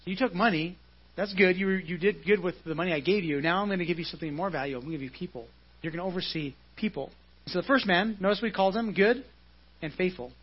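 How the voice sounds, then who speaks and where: A pastor preaching a conversational sermon at a church service, explaining scripture casually and often checking in with "right?". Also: male voice, high voice, quick pace, husky, lo-fi sound.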